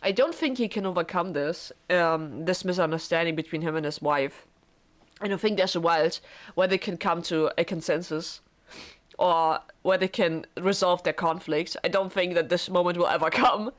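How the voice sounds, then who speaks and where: A woman's voice: fairly low pitch, moderate pace. A woman streaming a blind visual novel playthrough, emotional and tearful, swearing often as she talks to her viewers.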